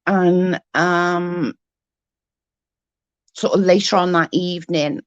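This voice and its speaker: A woman in her thirties vents into the camera with a fairly low voice, her swearing storytelling loose and fired up. The sound is dry and close, with no room behind her. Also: slow, clean tone, no room sound, muffled recording. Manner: heated, swears freely, animated retelling. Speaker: vlogger. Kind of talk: casual storytelling vlog.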